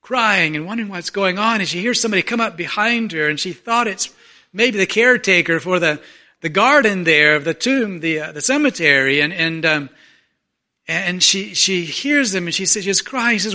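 A male preacher tells a story from the pulpit in a church. His voice sits high and sounds bright and forceful. He acts out the voices of the people in the story, rising loud and then falling almost to a murmur. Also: expressive, fairly quick. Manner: storytelling, acting out voices, swings from loud to very soft. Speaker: pastor. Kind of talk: sermon.

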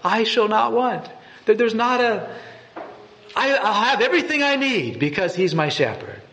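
A man's voice: sits high, animated, moderate pace, a bit bright. A man giving a devotional meditation and reading scripture aloud in an earnest way, often repeating and restarting words. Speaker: preacher.

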